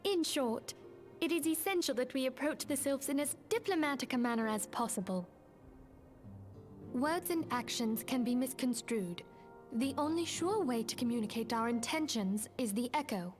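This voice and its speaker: A high-voiced earnest young game heroine who leads a band of adventurers. She speaks with a British accent, pronouncing each word carefully in a stilted, formal cadence. Soft game music runs underneath. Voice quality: stiffly over-enunciated, stilted cadence. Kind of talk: video game voice acting.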